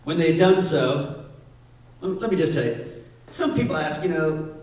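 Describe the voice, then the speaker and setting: A male pastor preaching a sermon in a playful, lively way, often acting out voices. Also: on the high side, normal speed. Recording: echoey hall, distant mic.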